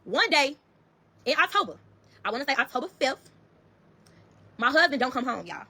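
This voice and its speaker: A woman telling her own story to viewers in a rapid, heated, profane way. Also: high-pitched, sing-song, bright, forceful tone. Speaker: storyteller in a social media clip.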